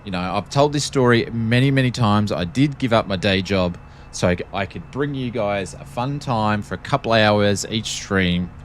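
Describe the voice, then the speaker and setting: Give me a low-pitched Australian man casually joking his way through a flight sim stream. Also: normal speed, a little hiss or hum. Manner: joking, rambling, self-deprecating. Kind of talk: casual live-stream chat.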